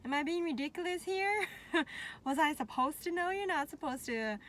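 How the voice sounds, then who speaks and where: Chatty, high-voiced woman vlogger. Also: moderate pace. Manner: chatty and animated, laughs often, asks viewers questions. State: a little out of breath. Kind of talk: casual talk to camera.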